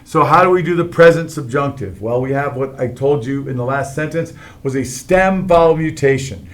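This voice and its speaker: A man's voice: mid-range voice, moderate pace. A middle-aged man teaching a Latin grammar lesson, explaining each form step by step and often checking in with "all right?".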